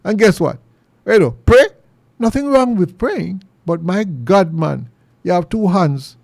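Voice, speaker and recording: A middle-aged Jamaican man hosting a commentary show, talking earnestly and preachily, his pitch jumping high when he presses a point. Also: animated, a little slow, vocal fry, darkish tone, no echo, studio quality. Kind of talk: opinion monologue.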